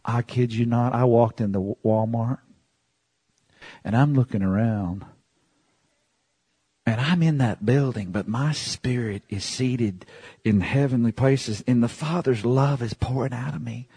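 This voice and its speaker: A male pastor preaching with a husky, slightly rough voice, recorded close and dry with little room sound. He drops to near-whispers, then climbs to shouted peaks, often breaking into laughter. He calls on the congregation to repeat his words back. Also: medium pitch, measured pace, no room sound. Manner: swings from hushed asides to shouting, laughs often. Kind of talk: sermon.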